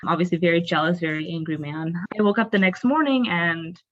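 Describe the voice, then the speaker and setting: A young adult woman appears on a podcast, sharing her personal story candidly and expressively with plenty of "like" fillers. Her fairly low voice moves fairly quickly, and the sound is dull, dry and lo-fi.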